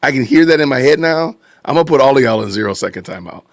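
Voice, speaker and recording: A man's voice: mid-range voice, lively intonation, fast talker, vocal fry, no room sound, clean studio sound. A man hosting a live-stream podcast in casual commentary, reacting to chat with repeated phrases and frequent laughs. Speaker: podcast host.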